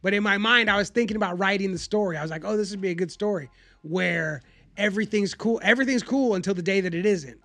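A man with a high, gravelly voice tells a rambling, profane story in casual chat and acts out every quote. His tone is bright and edgy, and the recording is dry and close. Faint music plays underneath. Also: fast talker, dry recording.

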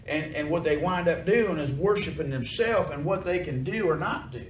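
Folksy preacher, echoey church sound. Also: male voice, a little high, moderate pace, hardly any pauses. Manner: folksy, asks the congregation questions. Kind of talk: sermon with call and response. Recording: echoey room, mic from far off, noisy.

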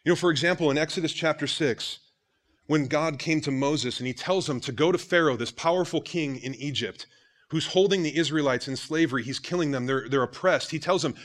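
A man's voice: on the high side, fairly quick. Guy pastor in his 30s preaching, chatty, talks right to the congregation. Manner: conversational preaching, addresses congregation as guys. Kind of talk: sermon.

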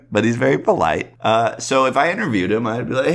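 A man's voice: medium pitch, sing-song, moderate pace, long pauses, fairly bright tone. A man in his thirties hosting a podcast, chatting casually in a rambling, self-deprecating way. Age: 30s. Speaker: podcast host. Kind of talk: casual chat.

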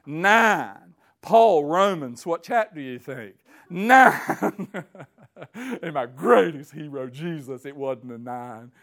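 A man with a lively, somewhat high voice preaches a sermon, reading scripture aloud with slow emphasis. He swings between hushed tones and near-shouting fervor.

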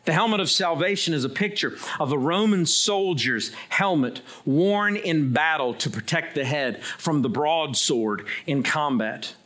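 A man's voice: lively intonation, a little slow, hardly any pauses. Emphatic middle-aged male preacher. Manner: emphatic preaching that swings between loud high bursts and low quiet asides. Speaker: pastor. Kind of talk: sermon.

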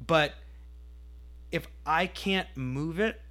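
A man's voice: on the high side, extremely slow, bright, forceful tone. A man co-hosting a podcast in casual chat, playful and rambling, joking with his co-host.

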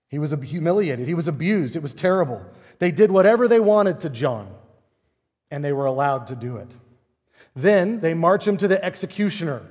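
A man preaches with a fairly high voice that rings out through a hall with long reverb. He talks animatedly, asking rhetorical questions and hammering his points with drama. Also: darkish tone. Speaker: pastor. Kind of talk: sermon.

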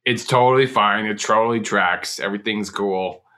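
A man's voice: lowish voice, moderate pace, bright, forceful tone. A man playing a clingy, dramatic dying male astronaut in a live improv scene, pleading melodramatically.

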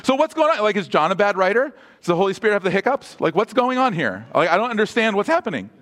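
A man's voice: high-pitched, very animated, fast talker, fairly bright tone. A man preaching a sermon as pastor, asking the congregation questions and dropping humorous asides.

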